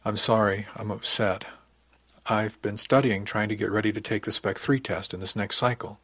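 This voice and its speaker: A man voicing a young male crewman who is anxious, self-critical and quick to blurt things out. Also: on the low side, fairly even intonation, fairly bright tone, no room sound. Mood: flustered.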